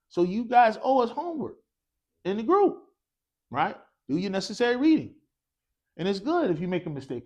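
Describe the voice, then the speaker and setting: A man's voice: sits high, darkish tone, breathy edge. A man teaching an Arabic class in a mosque classroom, leading call-and-response drills and quizzing students with casual, encouraging prompts.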